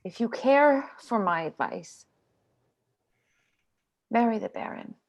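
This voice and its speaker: A woman playing a gentle older sister who comforts and advises, read over a video call. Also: on the high side, expressive, slow, dull audio. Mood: earnest. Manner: soothing, coaxing. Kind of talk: cold-read stage drama.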